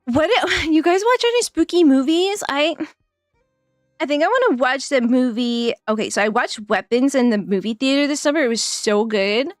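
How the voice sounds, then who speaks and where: A woman's voice: sits high, expressive, normal speed, no echo, studio quality, faint music behind. Giggly, rambling woman streamer. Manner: giggly, rambling, chatty with many fillers. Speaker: live streamer. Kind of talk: casual live-stream chat.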